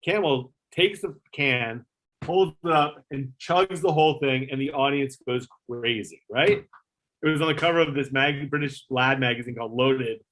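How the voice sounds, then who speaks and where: A man's voice: medium pitch, moderate pace, a bit bright. A middle-aged man, a former talk show producer, telling a story in a casual interview, acting out the voices he quotes and filling his talk with fillers and swearing.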